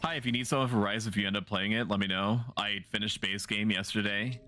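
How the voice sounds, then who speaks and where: A man's voice: lowish voice, steady tone, quick pace, bright, forceful tone, faint music behind. A man livestreaming a video game, chatting casually with his viewers in a playful, rambling way and often poking fun at himself. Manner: playful, rambling, self-mocking jokes. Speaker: streamer. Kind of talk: casual gaming livestream chat.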